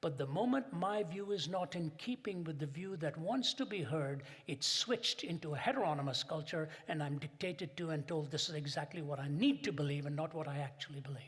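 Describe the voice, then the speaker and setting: Husky older man lecturing in a hall. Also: fairly high pitch, a bit bright. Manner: emphatic storyteller with dramatic pauses. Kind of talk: public lecture. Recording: long hall reverb.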